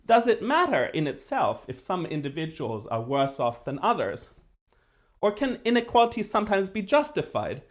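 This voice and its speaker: A man giving a university philosophy lecture as the professor, precise and lively, with dry self-deprecating humor. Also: a little high. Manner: acts out voices when telling a joke.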